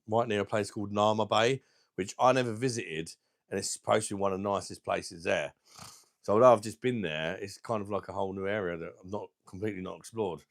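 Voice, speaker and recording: Blunt low-voiced man. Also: no echo, studio quality. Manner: blunt, crude, laughs at his own jokes. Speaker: live stream host. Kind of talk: casual live chat reading viewer comments.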